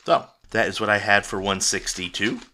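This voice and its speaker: A man hosting a podcast, giving a relaxed, rambling recap of a chapter in casual chat. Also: fairly low pitch, normal speed, a little hiss or hum. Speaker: podcast host.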